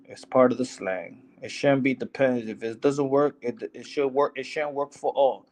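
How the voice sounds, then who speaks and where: A man's voice: mid-range voice, steady tone, moderate pace, darkish tone. A young man, a boxer, talking in a casual interview in a heated, emphatic, profane way, often repeating himself.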